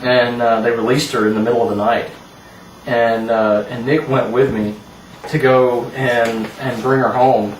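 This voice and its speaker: Young male co-host, halting and repetitive, mid-pitch, recorded far off in an echoey room. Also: little pitch movement. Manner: halting, repeats words when starting. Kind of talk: casual chat. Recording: echoey room, mic far off, faint hiss.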